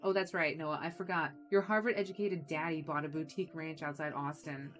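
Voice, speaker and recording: A woman doing a brash, shouty little director. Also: deep voice, fairly even intonation, brisk, faint music behind. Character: small energetic rude male film director.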